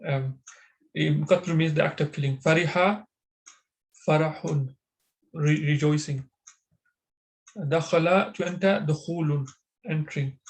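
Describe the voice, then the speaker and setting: Over what sounds like a video call, a male Arabic teacher with a slightly raised pitch walks through grammar in an online lesson. His intonation stays fairly even, but his speech is halting, full of filler pauses and restarted words, and the recording is rough.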